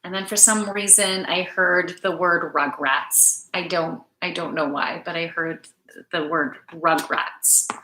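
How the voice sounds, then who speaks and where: A woman giving a live oracle card reading, speaking gently and emotionally to her viewers and reading their comments aloud. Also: on the low side, steady tone, slow, roomy sound, slight background noise, poor audio. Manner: gentle, spiritual, emotive, reads chat aloud.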